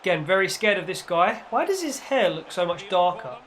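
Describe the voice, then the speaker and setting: A man runs a gaming channel and delivers playful, excitable football commentary over his own gameplay, erupting into mock-commentator shouts at the big moments. His voice sits high and he talks a little fast.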